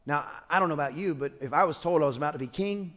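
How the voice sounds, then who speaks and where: Joking pastor in an echoing church. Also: male voice, on the high side, racing, a bit bright. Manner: humorous, conversational storytelling with restarts. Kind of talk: sermon. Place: church sanctuary. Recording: long church-hall reverb.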